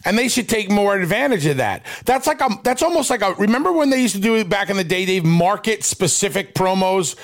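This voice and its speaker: A man's voice: high-pitched, animated, fairly quick, few pauses. A man co-hosting a casual talk show, brash and wisecracking as he reacts and asks questions. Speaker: co-host. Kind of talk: casual chat.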